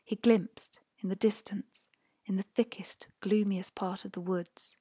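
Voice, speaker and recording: A woman narrating a fairy tale in a hushed voice that often drops to a whisper. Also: mid-range voice, steady tone, measured pace, breathy edge, no room sound, studio quality. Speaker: audiobook narrator. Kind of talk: storybook narration.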